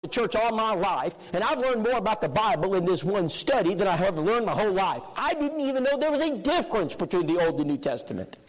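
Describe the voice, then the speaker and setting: A man's voice: high-pitched, sing-song, brisk, few pauses, low-quality recording. A male preacher acting out an upset woman who insists on being heard. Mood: insistent. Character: upset woman, newly eager to learn.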